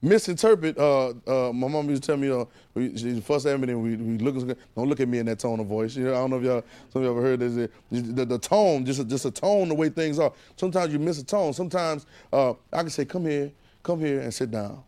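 A man preaching a sermon in call-and-response style, repeating phrases and swinging between loud and hushed delivery. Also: medium pitch, quick pace, hardly any pauses.

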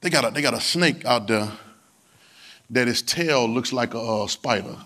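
A man's voice: mid-range voice, moderate pace, bright, forceful tone. A man preaching a sermon in a colloquial manner, repeating phrases and urging the congregation to answer back. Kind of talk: sermon with call-and-response.

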